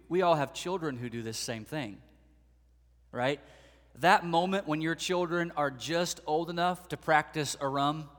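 Male pastor, raised pitch, lively sermon delivery with acted-out quotes, long hall reverb. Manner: animated, acts out voices of people he quotes.

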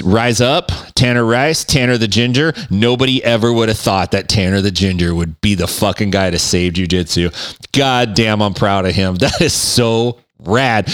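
A man hosting a podcast from his den into a microphone, ranting in a profane, sarcastic, animated way. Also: mid-range voice, smooth, no echo, studio quality. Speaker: podcast host. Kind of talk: casual comedic rant. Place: home den. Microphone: studio microphone.

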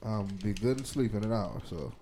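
A man's voice: on the low side, expressive, fairly quick, dark tone, slight background noise. A man co-hosting a podcast, talking in crude, profane casual banter and laughing often. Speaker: podcast co-host.

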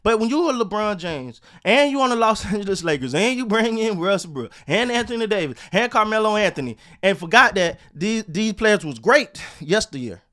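Guy ranting about sports, kinda high voice, swears a lot, keeps repeating himself. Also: very animated, normal speed, few pauses, a bit bright. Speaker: sports commentator. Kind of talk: casual sports rant.

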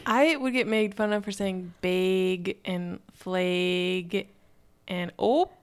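A young woman with a Minnesotan accent, co-hosting a podcast in animated, encouraging casual chat. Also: on the low side, takes it slowly, clean tone. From Minnesota, USA.

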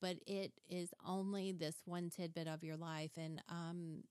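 A woman's voice: on the low side, a little slow, clean tone, no room sound, clean studio sound. A woman hosting a podcast, chatting casually and animatedly, acting out little quoted scenes as she tells stories. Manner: chatty, animated storyteller who acts out quotes. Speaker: podcast host. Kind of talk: casual interview chat.

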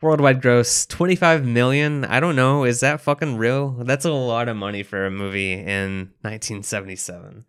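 A man co-hosting a podcast in casual chat, easygoing and quick to laugh. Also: medium pitch, fairly even intonation, a bit bright, clean tone. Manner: easygoing, laughs often, reads out quotes. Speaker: podcast co-host.

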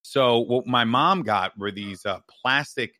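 A man from New York telling a childhood story on a podcast, animated and profane, tossing in "right?" as he goes. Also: mid-range voice, unhurried, no room sound, studio quality. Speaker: podcast co-host. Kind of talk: casual storytelling chat.

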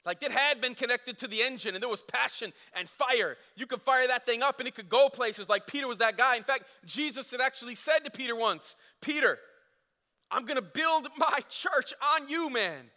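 A man preaching a sermon, telling a story casually and acting out the quotes, swinging from loud to hushed. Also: extremely high pitch, fairly quick, hardly any pauses, in a large hall. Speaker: pastor.

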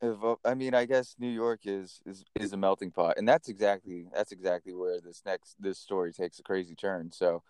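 A man hosting a podcast, telling stories in a casual, animated way and swearing now and then. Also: deep voice, moderate pace, hardly any pauses, clean tone, dry recording, studio quality. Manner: animated, chatty storyteller who swears casually. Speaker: podcast host. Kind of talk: casual storytelling.

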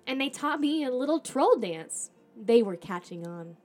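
A woman podcast host reading a children's storybook aloud in the first person, animated, with acted dialogue. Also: high-pitched, normal speed, faint music behind.

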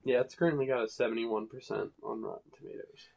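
A man in casual chat, retelling cartoon sketches in a lively way with voiced quotes. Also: mid-range voice, quick pace, gravelly.

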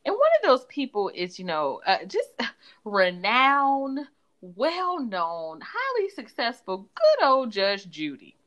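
A woman co-hosting a podcast in casual chat, laughing often and talking with lively swings. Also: fairly high pitch, takes it slowly. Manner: animated, laughs often, Southern-style "y'all". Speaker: podcast co-host.

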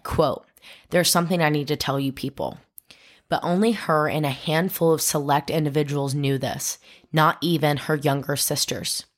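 A woman podcast host telling a true crime story, dramatic and acting out the quoted voices. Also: deep voice.

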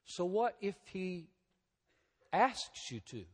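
A male pastor preaching a sermon in a large church, his fairly high voice carrying a long hall reverb. He speaks slowly and deliberately, swelling loud on key words and dropping soft after them. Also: big pitch swings, slightly rough. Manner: emphatic rises and drops in loudness, slow deliberate delivery.

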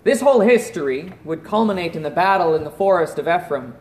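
A man preaching a sermon in an earnest voice that drops to a hush at solemn points. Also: on the high side, expressive, brisk, reverberant. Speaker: pastor.

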